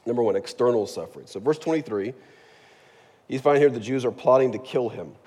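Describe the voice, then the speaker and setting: A man's voice: medium pitch, fairly quick, dark tone, slightly rough. A man preaching a sermon in a church, in a casual, joking way, often checking in with the congregation. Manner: conversational, jokey, asks the congregation "right?". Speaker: pastor. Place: church sanctuary. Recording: long hall reverb.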